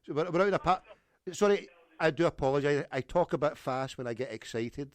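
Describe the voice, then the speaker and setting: A man's voice: on the high side, voice pushed up, lightly acted. A man putting on a voice to play a giddy, overexcited party-planning man during a prank phone call. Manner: fast, breathless, overexcited.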